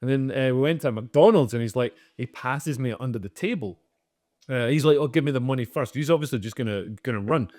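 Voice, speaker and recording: Fast-talking man on a dry mic. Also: mid-range voice, darkish tone, no echo. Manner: rambling, lots of "like" and "you know". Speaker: podcast co-host. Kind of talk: casual comedic storytelling.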